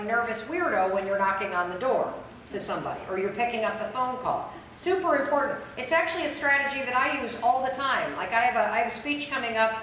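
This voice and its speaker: A woman's voice: on the high side, fairly bright tone, a little hiss or hum. A woman motivational speaker giving a live training talk to an audience, emphatic, direct and conversational. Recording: echoey hall, mic from a distance.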